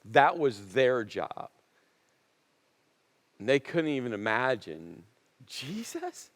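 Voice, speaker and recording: A man preaching a sermon as a pastor, telling a story with emphatic repetition and dramatic pauses. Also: fairly high pitch, in a large hall. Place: church auditorium.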